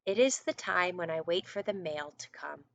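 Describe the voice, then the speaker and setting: A woman's voice: lowish voice, animated, normal speed, creaky, a little hiss or hum. Toad, a woman reading a glum shy toad. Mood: gloomy. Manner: plaintive, mopey storybook reading. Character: shy, gloomy young male toad.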